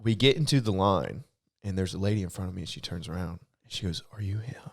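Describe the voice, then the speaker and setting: A man in his thirties, a police officer guest, telling stories in casual chat, animated and laughing, acting out what people said. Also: low-pitched, quick pace, creaky. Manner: animated, laughing, acts out quoted voices.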